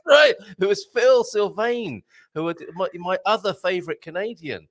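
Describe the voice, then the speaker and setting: A man's voice: sits high, unhurried. English guy hosting a live show, jokey, voice bounces all over, laughs a lot. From England. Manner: jokey, animated, laughs often. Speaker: host.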